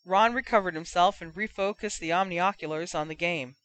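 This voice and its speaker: A woman narrating a fan fiction audiobook in a steady storytelling manner. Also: lowish voice, fairly quick.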